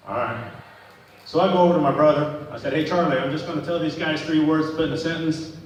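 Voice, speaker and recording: A man's voice: a little high, steady tone, fast. A man doing a stand-up comedy set, telling a rambling, profane story to a live crowd. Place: event hall at a live show. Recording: echoey hall from far off.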